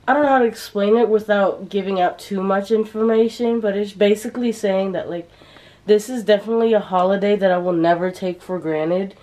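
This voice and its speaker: A woman's voice: mid-range voice, fairly even intonation, brisk, warm tone. Chatty young woman vlogging to camera. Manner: chatty, filler-heavy, confiding. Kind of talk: casual vlog chat to camera. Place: at home indoors. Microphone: handheld camera at arm's length.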